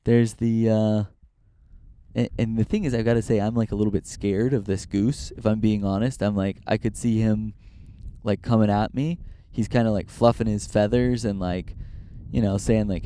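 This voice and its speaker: A man's voice: lowish voice, normal speed, dark tone, smooth. A young man from Northern California hosting his own podcast outdoors on a hiking trail, talking in a rambling, profane, self-deprecating way into a handheld camera as he walks. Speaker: podcast host. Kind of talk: casual walk-and-talk vlog.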